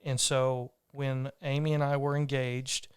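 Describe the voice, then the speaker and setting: A man's voice: medium pitch, level tone, unhurried, clean tone, dry recording, clean studio sound. A man, hosting a podcast and telling a personal story in an earnest, rambling way with restarts. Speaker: podcast host. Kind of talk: casual conversational storytelling.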